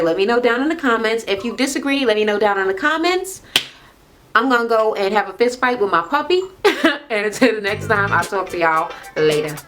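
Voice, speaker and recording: A young woman with a medium-pitched, fairly bright voice gives a casual reality-show recap into an on-camera mic. She's sassy and blunt, and her talk is loaded with profanity.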